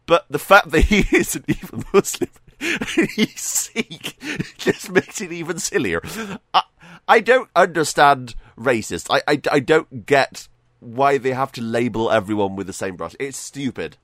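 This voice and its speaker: Guy doing a solo podcast, super animated pitch, dry close mic, keeps laughing and stumbling. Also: unhurried, no room sound. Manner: animated, jokey, laughs often, stumbles and repeats words. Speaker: podcast host. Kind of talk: casual solo podcast commentary.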